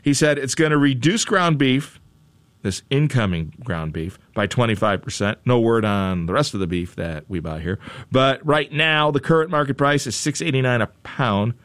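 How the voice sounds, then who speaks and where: A man's voice: medium pitch, expressive, moderate pace, fairly bright tone, no room sound. A man hosting a news chat show, talking casually with a wry, joking edge. His voice rises and falls a lot as he repeats phrases for emphasis, recorded close and dry. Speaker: radio show host.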